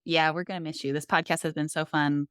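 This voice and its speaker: A woman hosting a podcast, talking in an upbeat, conversational way as she tells cooking stories. Her voice sits low for a woman and sounds smooth and clear. The recording is dry and close. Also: level tone, fast talker, a bit bright, no echo. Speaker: podcast host. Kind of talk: casual chat.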